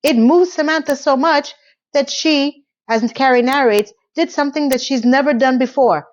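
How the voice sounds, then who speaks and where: A woman's voice: high voice, moderate pace, dull audio. Chatty woman recapping a TV episode. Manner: chatty, animated storytelling with voiced quotes. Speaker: TV recap vlogger. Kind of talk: casual TV recap commentary.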